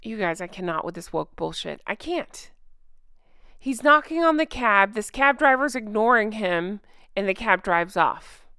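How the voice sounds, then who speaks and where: A woman's voice: medium pitch, lively intonation, a little slow, pushed and bright, clear, resonant tone, no room sound, clean studio sound. Exasperated woman ranting about a show. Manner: exasperated, sarcastic, trails off mid-sentence. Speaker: show recap host. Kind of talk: ranting TV recap.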